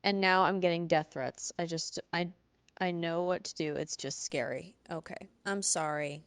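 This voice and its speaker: A young woman streamer, soft-spoken, chatting casually and answering her chat. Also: on the low side, fairly even intonation, normal speed, clear, resonant tone, dry recording. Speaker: livestreamer.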